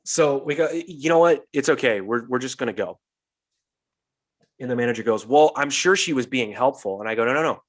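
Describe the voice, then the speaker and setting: Young guy on a podcast, animated storyteller, swears a lot, does the voices, normal pitch. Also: fairly quick. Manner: animated storyteller, swears freely, acts out quotes. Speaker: podcast host. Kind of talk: casual storytelling chat.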